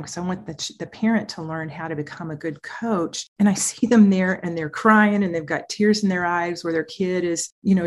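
An earnest woman speaking as a child therapist and parent coach, emphatic and animated as she explains her approach. Her voice sits somewhat low for a woman. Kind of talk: interview conversation.

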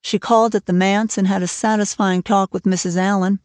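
A woman narrating a classic novel aloud in a steady, clear storytelling manner. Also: mid-range voice, brisk, no echo. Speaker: audiobook narrator. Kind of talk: scripted narration.

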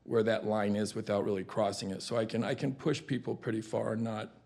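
Male guest with a low voice; blunt, matter-of-fact, candid storyteller. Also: fairly even intonation, brisk, creaky, a little mellow.

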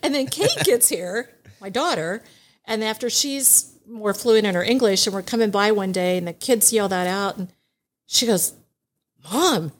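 This is a middle-aged woman chatting as a podcast guest, telling anecdotes with lively energy and frequent laughter. Her pitch sits in an ordinary middle range for a woman. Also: moderate pace. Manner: animated, laughs often while telling stories. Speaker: guest, divorce mediation attorney. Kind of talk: casual podcast storytelling.

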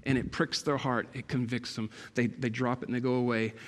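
A man preaching a sermon in a church, emphatic and building to loud, passionate peaks. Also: mid-range voice, little pitch movement, brisk. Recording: long hall reverb.

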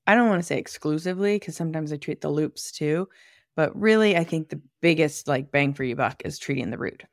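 A woman's voice: sits low, animated, a little fast, dry recording, studio quality. A woman hosting a podcast, explaining anatomy in a chatty, thinking-aloud way with asides. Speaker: podcast host and manual therapist. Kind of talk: casual educational monologue.

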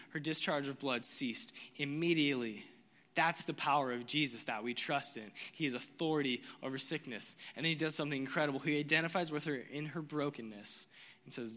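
A man preaching a sermon in a dramatic, casual way, dropping from loud, quick bursts to low, slow lines and slipping slang into his preaching. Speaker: pastor. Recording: long hall reverb.

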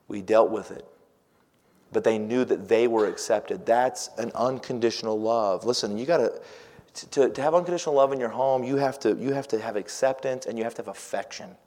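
A middle-aged man preaching a sermon, swinging from loud emphatic lines to hushed, near-whispered ones and quoting scripture in old-fashioned wording. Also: on the low side, brisk. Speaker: pastor. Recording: long hall reverb.

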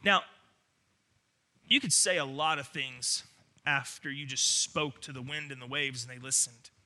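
A man's voice: mid-range voice, measured pace, bright, forceful tone. A man preaching a sermon, earnest and emphatic, often restarting his words. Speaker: pastor.

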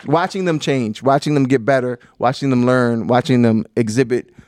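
A man chatting casually on a podcast, telling stories in an animated way, acting out quotes and swearing freely. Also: medium pitch, normal speed, no echo, studio quality. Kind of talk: casual chat.

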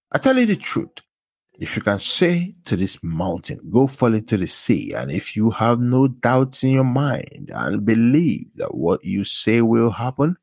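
Husky low-voiced man reading scripture. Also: dry recording. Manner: announces each book and verse, then reads with rising emphasis. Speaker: scripture reader. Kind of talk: reading Bible verses aloud.

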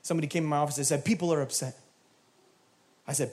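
A male pastor delivering a sermon in an animated style, acting out little dialogues and building up to shouted climaxes. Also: fairly high pitch, fast talker, pauses often.

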